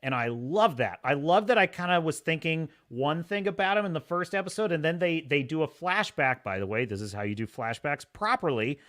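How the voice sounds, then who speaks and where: A man hosting a podcast in casual, opinionated commentary, animated and laughing, acting out scenes in voices. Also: fairly high pitch, fairly quick, hardly any pauses. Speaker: podcast host.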